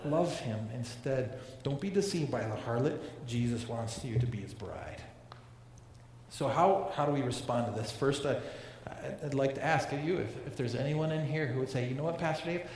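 A male pastor preaching a sermon in an earnest way, often repeating words and restarting his sentences. His voice sits at a middle pitch. It rings out through a big hall with a long, heavy echo and faint room ambience behind it. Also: moderate pace, a little mellow, a little hiss or hum. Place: large church hall. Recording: echoey hall with long reverb.

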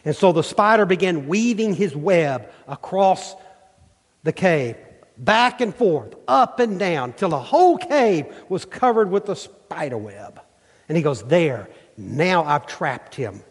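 A male pastor preaching a sermon with emphatic, rhythmic delivery and dramatic pauses. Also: sits high, very animated, slightly rough. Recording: long hall reverb.

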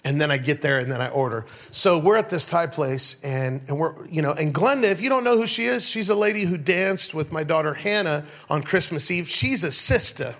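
A man's voice: fairly high pitch, brisk, few pauses, a bit bright. A middle-aged man preaching a sermon to his church, telling funny stories and calling out to the congregation. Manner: storytelling, call-and-response with the congregation. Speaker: pastor. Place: church sanctuary.

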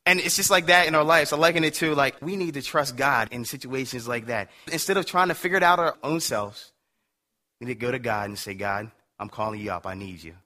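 A man preaching a sermon, emphatic at times and dropping quiet at others, telling a story to make his point. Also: a little high, animated, fairly quick.

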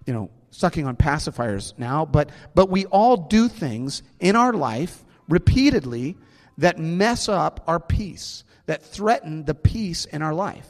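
A man's voice: a little high, lively intonation, a little slow, long reverb tail. A man in his thirties, a pastor preaching a sermon in a conversational, joking way with the congregation.

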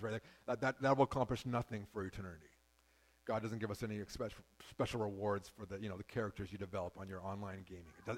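A pastor from Canada preaching a sermon in a conversational, storytelling way, with frequent restarts. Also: male voice, fairly low pitch, poor audio.

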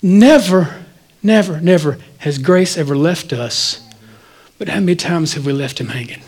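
A man, the pastor, preaching a sermon in a church, swinging between loud, animated stretches and quiet asides. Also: on the high side, normal speed, breathy edge, poor audio.

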